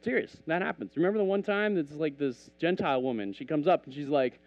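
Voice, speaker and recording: A man's voice: on the high side, a little fast, hardly any pauses, no room sound, muffled recording. A man preaching a casual, conversational sermon, telling stories and acting out bits of dialogue. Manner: animated, conversational, acts out dialogue.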